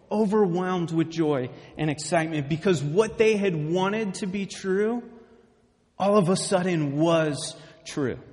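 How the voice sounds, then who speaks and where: Animated young preacher in a reverberant hall. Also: male voice, sits high. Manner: storytelling, animated, keeps asking "okay?". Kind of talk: sermon.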